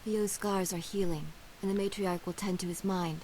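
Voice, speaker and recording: A woman's voice: mid-range voice, fairly even intonation, moderate pace, mellow, slight background noise, close to an everyday voice, rough recording. An actress voicing a grateful mother of a rescued son in a video game, speaking with earnest solemnity.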